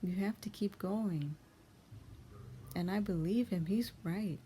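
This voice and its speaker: Soft-spoken young woman, half-whispering. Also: medium pitch, slow, a little hiss or hum. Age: young adult. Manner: soft, often half-whispered, gentle and comforting. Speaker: channel host. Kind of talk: heartfelt monologue of encouragement.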